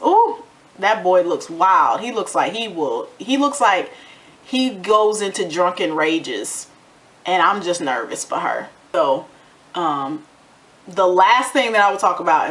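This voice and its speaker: A woman giving a casual, sassy recap of a reality TV episode, acting out bits of what people said. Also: lowish voice. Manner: animated, sassy commentary with acted-out quotes. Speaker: TV recap vlogger.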